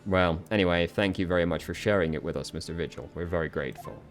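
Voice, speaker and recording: A man's voice: low voice, fast, soft background music, lightly acted. A man voicing a polite, earnest young male lawyer in a video game. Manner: courteous, earnest. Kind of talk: reading game dialogue aloud.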